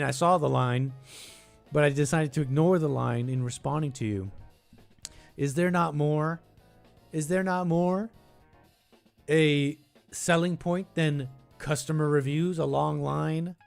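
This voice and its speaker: A man's voice: a little high, creaky. A man hosting a call-in podcast, reacting to a clip in a sarcastic, rambling way, thinking aloud. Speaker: podcast host reacting to clips. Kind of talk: casual reaction commentary.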